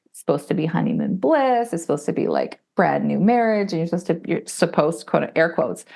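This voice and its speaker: A woman in her forties, a podcast guest, telling her story in blunt, profane and animated talk, and acting out other people's voices as she goes. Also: on the low side, a little fast, vocal fry, husky. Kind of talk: candid conversational storytelling.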